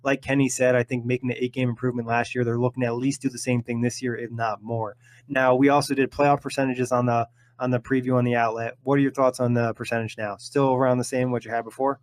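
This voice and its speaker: A man hosting a casual sports podcast, easygoing and quick to laugh. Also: mid-range voice, flat delivery, no room sound. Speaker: podcast host.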